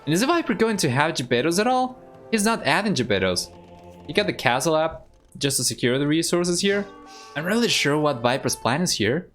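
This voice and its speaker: A man with a fairly high, bright voice and an Argentine accent casts a strategy game live, Spanish being his first language. As a streamer, he's relaxed, talks through his thinking, and chats with viewers.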